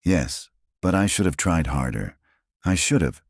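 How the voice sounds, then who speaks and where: An emotional, reserved young father with a very deep voice that catches as he talks, as a male narrator plays him. His words come out earnest and close. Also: animated, unhurried, no room sound, full character voice. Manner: choked, earnest.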